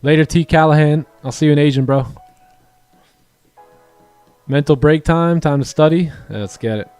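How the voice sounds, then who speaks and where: A man hosting a live trading stream, encouraging his students and telling animated stories with voiced quotes. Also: normal speed, smooth, dry recording, soft background music. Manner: animated storytelling, acts out quoted dialogue in a higher voice; encouraging, motivational. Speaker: day-trading coach and stream host. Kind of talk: casual livestream chat.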